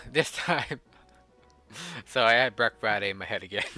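A man's voice: lowish voice, unhurried, pushed and bright, faint music behind. A young man commentating on a video game, swearing freely and laughing often. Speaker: let's play gamer.

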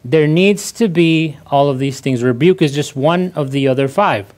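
A man preaching in church with a fairly high voice. He is a pastor who talks to his congregation in a conversational way. He comes back to his key phrases again and again and stumbles into quick restarts. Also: a little mellow. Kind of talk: sermon.

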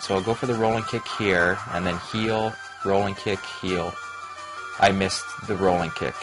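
A man hosting a let's play, giving rambling gameplay commentary with excitable reactions. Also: low-pitched, rough recording. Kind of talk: gaming commentary. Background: game music.

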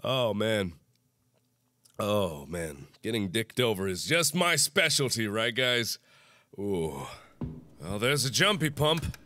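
A young man playing a horror game and commenting, sick and nauseous, swinging between shrieked curses and low, worn-out muttering. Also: very animated, takes it slowly, long pauses, bright, forceful tone. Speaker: gaming YouTuber. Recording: game music behind.

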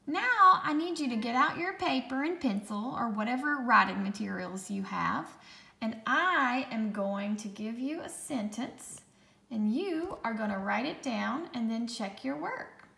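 Slow, patient woman teacher, gravelly voice. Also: on the high side, expressive, bright, forceful tone, reverberant. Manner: slow, patient, sounds out dictation sentences word by word. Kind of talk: recorded phonics lesson for children.

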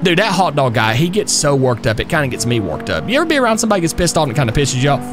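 Fired-up fast-talking male streamer. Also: a little high, over music. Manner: energetic, fired-up, slangy, talks to chat. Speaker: streamer playing a police officer. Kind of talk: live roleplay streaming.

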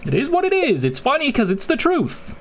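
A man's voice: extremely high pitch, huge pitch swings, brisk. A man giving crude, jokey gameplay commentary, often switching into silly voices. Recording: loud game noise behind the voice.

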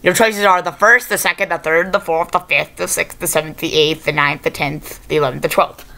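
Woman host, bright voice, rambling off-the-cuff reviewer who corrects herself mid-sentence. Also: on the low side, fairly even intonation, moderate pace, a little hiss or hum. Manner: rambling, unscripted, self-correcting. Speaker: video reviewer. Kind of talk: casual improvised video review.

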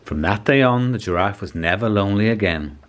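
A man with a deep, low voice reads a children's picture book aloud. His storytelling is calm and measured, with steady pacing suited to young listeners. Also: slight background noise. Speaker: storybook reader.

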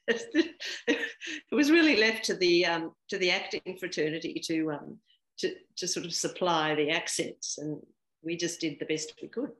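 A woman's voice: lowish voice, a bit bright. A woman in her sixties, a guest actor chatting casually in an interview, laughing often and full of fillers and restarts. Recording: roomy echo.

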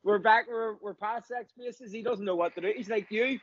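A man's voice: sits high, steady tone, moderate pace, muffled recording, a crowd in the background. A man with a Belfast accent co-hosting, teasing his friend and laughing. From Northern Ireland.

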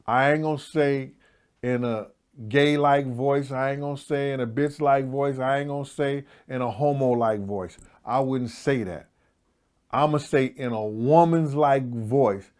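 A man's voice: medium pitch, steady tone, unhurried, darkish tone, clean tone. A middle-aged man telling a story as an interview guest, blunt and profane, with a meandering, casual delivery.

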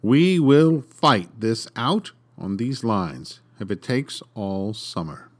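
A man voicing an old male general in a told story, speaking slowly and hesitantly. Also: on the low side, expressive. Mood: resolute. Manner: slow, hesitating. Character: older male general with a cigar.

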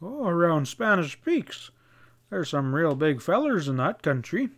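A man's voice: fairly high pitch, very animated, measured pace, a bit bright, voice pushed up, full character voice. A man voicing a boastful ranch manager.

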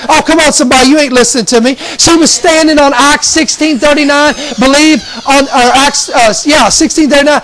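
A man's voice: extremely high pitch, fairly even intonation, normal speed, fairly bright tone, rough recording. A man giving an emotional, fervent testimony sermon, often repeating and restarting his phrases. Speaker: preacher.

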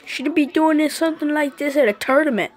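A woman's voice: sits high, a little fast, natural voice. A woman voicing a cocky male fighter who taunts his opponent and keeps calling him boy, in a homemade comedy skit. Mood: taunting.

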